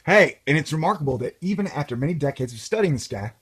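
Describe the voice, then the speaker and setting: A man's voice: fairly high pitch, lively intonation, fast talker, fairly bright tone, slightly rough. A man hosting a casual commentary video, reading an article aloud with sarcastic, rambling, jokey asides. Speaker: video host.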